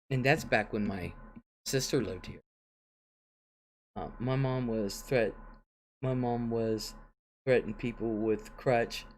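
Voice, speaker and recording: A woman's voice: extremely low pitch, takes it slowly, pauses often, darkish tone, a little hiss or hum. An older woman hosting a casual livestream, chatting and reading viewer comments aloud with frequent chuckles. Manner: chuckles often, chatty and rambling. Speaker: livestream host.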